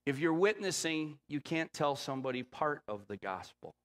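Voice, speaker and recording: A middle-aged man preaching a sermon as pastor, rising to loud emphatic peaks and dropping low and quiet for quoted lines. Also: very animated, moderate pace. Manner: drops to a low, quiet voice when quoting the Spirit.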